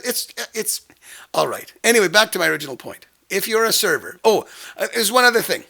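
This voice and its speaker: Gravelly high-voiced man ranting casually. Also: big pitch swings, a little fast, sharp tone. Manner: rambling, exasperated storytelling with restarts. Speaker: host. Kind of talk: casual monologue.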